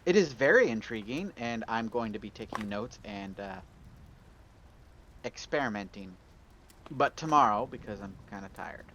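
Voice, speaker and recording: A man's voice: medium pitch, expressive, normal speed, fairly bright tone, a little hiss or hum. A man playing in a tabletop game, chatting casually and describing his character's actions. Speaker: player.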